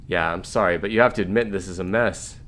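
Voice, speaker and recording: A man's voice: low-pitched, quick pace, fairly bright tone. A man reading the lines of a blunt, wry woman marine in a game, in a dry way.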